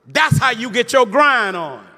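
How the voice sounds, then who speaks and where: A man, a minister giving a testimony sermon, who rises from storytelling into shouted preaching with quick asides to the audience. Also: very high voice, very animated. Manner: preaching, rising to shouts, call-and-response asides. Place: large hall before an audience. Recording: live hall with reverb, crowd behind.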